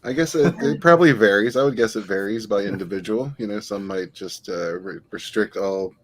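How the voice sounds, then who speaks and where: A man's voice: fairly low pitch, brisk. A man hosting a casual panel chat, reading out comments and steering the questions. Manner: reads chat comments, moderates. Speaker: host.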